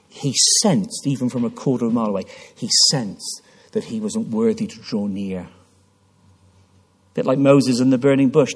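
A man's voice: mid-range voice, moderate pace, a little mellow, husky. A man preaching a sermon in church, telling a story with passion and frequent restarts. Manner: impassioned storytelling with repeated restarts.

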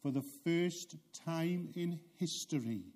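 A man delivers a sermon at a slow, deliberate pace, leaning on long dramatic pauses. His voice sits fairly high for a man, climbing to loud emphatic peaks before falling low and quiet. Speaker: preacher.

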